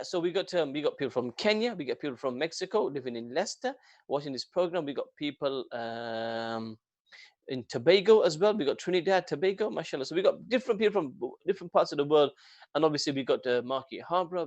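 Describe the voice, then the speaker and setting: Jokey, rambling British radio host. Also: male voice, on the high side, no room sound. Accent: British English. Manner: jokey, rambling, excitable, reads numbers out slowly. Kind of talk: casual radio chat. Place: radio studio.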